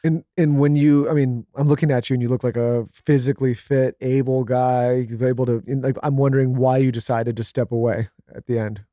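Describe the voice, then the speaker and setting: A man's voice: medium pitch, level tone, brisk, hardly any pauses, dark tone, no room sound, studio quality. A man co-hosting a podcast, asking curious questions and cutting in with playful follow-ups. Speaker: podcast co-host. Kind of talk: casual interview questions.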